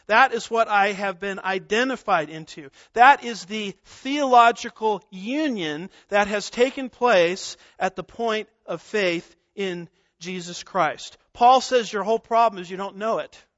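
A man preaching an expository sermon, deliberate and emphatic, repeating key words. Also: high-pitched, a bit bright, no echo, highs cut off. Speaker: pastor.

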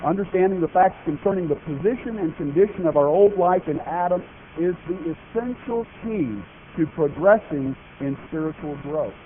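A man with a fairly high voice preaches a sermon at normal speed, speaking emphatically and putting questions to his congregation. The audio is tinny and phone-like, as if broadcast, with faint noise.

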